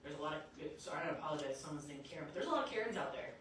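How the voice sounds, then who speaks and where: Captured from afar in an echoey church hall, this woman delivers a sermon at very fast speed in a low-pitched voice over noisy background sound. She tells stories vividly and performs the quotes she cites.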